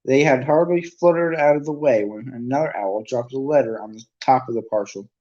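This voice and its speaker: A man's voice: mid-range voice, normal speed, highs cut off. A man reading a novel aloud as an amateur narrator, often stumbling and correcting himself. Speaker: amateur audiobook reader.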